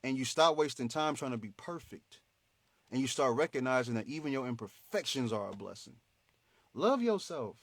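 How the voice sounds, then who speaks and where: A man hosting a motivational faith talk, animated and preachy, in a slangy, conversational way. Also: mid-range voice, moderate pace, no echo. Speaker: host.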